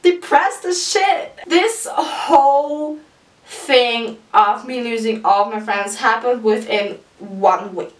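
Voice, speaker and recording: A woman's voice: fairly high pitch, takes it slowly. Chatty young woman, roomy. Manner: chatty, profane, lots of "like" fillers, laughs through it. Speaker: vlogger. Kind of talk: casual storytime vlog. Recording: roomy, mic at a distance.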